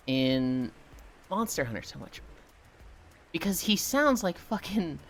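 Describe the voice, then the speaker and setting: A man streaming live and chatting with viewers as he exercises. His talk rambles, and his pitch is animated, jumping up and down. He talks casually and loosely, like a regular addressing his chat.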